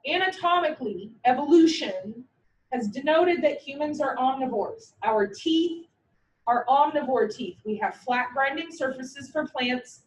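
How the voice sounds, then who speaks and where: High-voiced woman lecturing in a classroom. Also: a little slow, a little hiss or hum. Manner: blunt, joking, emphatic. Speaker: veterinary technician instructor. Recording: echoey room, mic far away.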